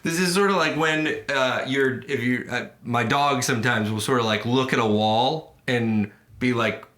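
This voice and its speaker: Podcast guy riffing about his dog, super bright sharp voice, mid pitch. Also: normal speed. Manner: riffs with playful jokes about his dog. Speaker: podcast co-host. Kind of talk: casual chat.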